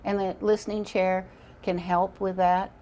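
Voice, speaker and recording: A woman's voice: medium pitch, little pitch movement, unhurried, mellow, slight background noise. An older woman as an interview guest on parenting, telling stories in an earnest, emphatic way. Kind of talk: interview storytelling.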